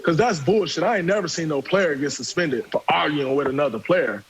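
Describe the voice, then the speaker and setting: A man, casually telling a profane, animated story and acting out what people said. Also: a little high, brisk, rough recording. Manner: animated, profane, acts out quotes. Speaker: podcast guest storyteller.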